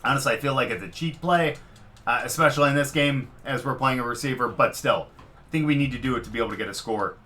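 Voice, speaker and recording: A man giving live commentary over his own football video game, swinging from muttered frustration to loud excitement. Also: mid-range voice, fast. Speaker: gaming commentator.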